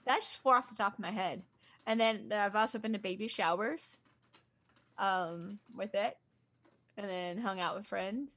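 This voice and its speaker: A woman co-hosting a podcast in casual chat, animated and chatty, laughing often. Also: medium pitch, unhurried. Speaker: podcast co-host.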